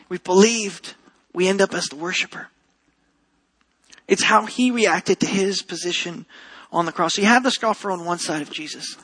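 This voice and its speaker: Man, pastor preaching, very high voice, bright and husky, earnest and repetitive. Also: poor audio. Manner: earnest preaching, repeats key phrases for emphasis. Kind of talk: sermon.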